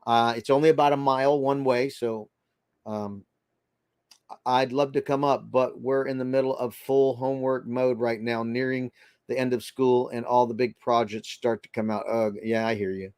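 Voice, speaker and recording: The voice is mid-range, clear and resonant, a little mellow, with fairly even intonation, a moderate pace, and no room sound. It belongs to a Boston-area man with a mild accent who hosts a relaxed stream, greets viewers by name, and rambles with many fillers.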